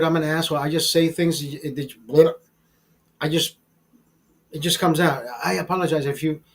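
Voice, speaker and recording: A man in his forties who hosts the channel tells a rambling, profane story as if over a beer, calling the listener "brother." He laughs often and keeps restarting. His voice is a little high, and the recording is rough.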